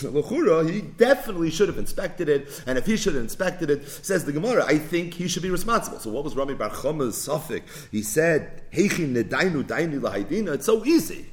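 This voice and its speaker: A man teaching a religious text, animated and full of rhetorical questions, acting out both sides of an argument. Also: mid-range voice. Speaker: Talmud teacher. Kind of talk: explaining a text in a class.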